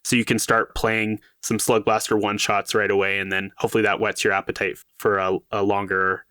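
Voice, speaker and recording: A man who designs games, talking as a guest in a casual podcast interview, enthusiastic and quick to laugh. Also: lowish voice, little pitch movement, pushed and bright, smooth, no room sound, clean studio sound.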